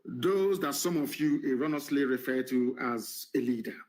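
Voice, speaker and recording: A man delivering an impassioned political broadcast to his followers. He speaks in an emphatic, defiant way, repeats phrases and pauses with "should I say". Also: mid-range voice, a little mellow, low-quality recording. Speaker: political leader addressing followers.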